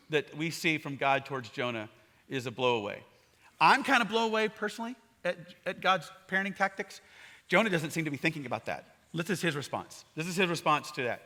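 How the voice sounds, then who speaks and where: A pastor preaching a sermon, telling the story with humor and acting out the characters in playful voices. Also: male voice, sits high. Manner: animated storytelling, acts out characters in funny voices.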